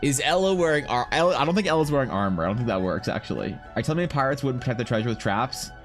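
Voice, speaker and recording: A man's voice: medium pitch, animated, rapid-fire, faint music behind. Rambling man chatting on stream. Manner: rambling, thinking aloud, answering chat. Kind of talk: casual chat with stream viewers.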